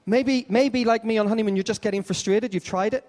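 A man preaching an Easter sermon in a rather high voice, with long reverb trailing behind every phrase in a large hall. He tells his stories animatedly and acts out each part of the dialogue. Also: fairly even intonation, fairly quick, darkish tone. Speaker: pastor.

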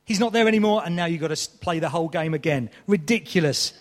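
A man's voice: a little high, quick pace, in a large hall. A man preaching a sermon, telling a story with mock exasperation.

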